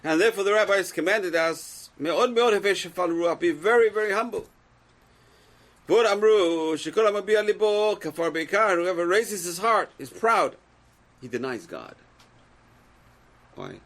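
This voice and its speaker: Fast, gravelly man teaching a Torah class. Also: fairly high pitch, a bit bright. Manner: reads Hebrew texts aloud then translates and explains; asks rhetorical questions to the class.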